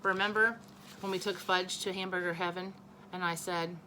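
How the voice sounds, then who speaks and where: A woman teacher reading a children's novel aloud, expressive and correcting her own small slips. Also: on the low side, moderate pace, a little hiss or hum, rough recording.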